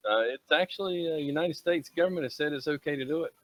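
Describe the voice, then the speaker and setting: A man's voice: a little high, quick pace, dry recording. A man playing an online tabletop game, teasing the others in casual chat over a computer mic. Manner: teasing, loud joker. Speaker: player.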